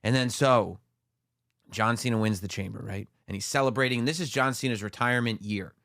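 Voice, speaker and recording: A man's voice: mid-range voice, gravelly, no room sound, studio quality. A man co-hosting a podcast, eagerly retelling events blow by blow and acting out the quoted lines. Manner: animated storyteller, acts out quotes with dramatic pauses. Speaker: podcast co-host. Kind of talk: casual podcast chat, excitedly retelling a wrestling show.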